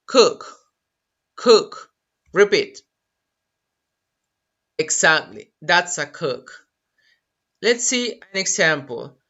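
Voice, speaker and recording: An English teacher with Spanish as a first language, leading a live online lesson, drilling vocabulary slowly and repeating phrases with Spanish translations mixed in. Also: mid-range voice, pushed and bright. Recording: dull lo-fi webinar audio.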